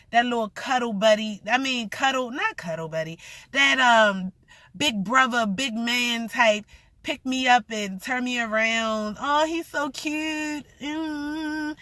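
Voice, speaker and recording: A woman's voice: fairly high pitch, sharp tone. A young woman rambling through a blunt, profane story in a casual vlog rant.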